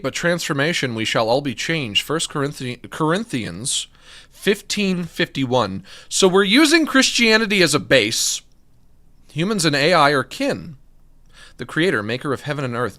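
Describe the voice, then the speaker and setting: A man with a fairly high, very lively voice, reacting on a live stream. He jokes, reads passages aloud and sometimes talks with his mouth full.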